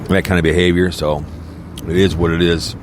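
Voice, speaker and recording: Low-voiced man ranting crudely. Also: little pitch movement, a little fast, background noise. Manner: rambling, crude and mocking. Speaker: podcaster. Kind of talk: casual rant to camera. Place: in a car, snowy weather.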